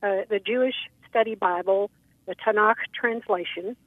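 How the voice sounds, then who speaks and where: A woman's voice: mid-range voice, moderate pace, no room sound. A woman from Texas calling in to a radio show, polite and a little hesitant, with many ums. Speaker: caller. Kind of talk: call-in radio conversation. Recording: tinny phone line.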